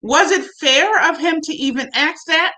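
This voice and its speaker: Chatty bright-voiced woman. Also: high-pitched, moderate pace, poor audio. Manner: chatty, animated retelling with asides to viewers. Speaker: show reviewer. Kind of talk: casual recap chat to camera.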